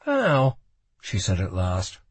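A male audiobook narrator with a slightly husky voice, reading in a lively storytelling style with plenty of rise and fall in pitch. He is recorded close and dry, with no room sound. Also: measured pace, no echo. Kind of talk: scripted narration.

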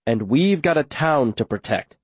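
A man voicing a stern middle-aged town leader who speaks in a measured, grave way. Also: medium pitch, lively intonation, breathy edge, no echo, voice pushed up.

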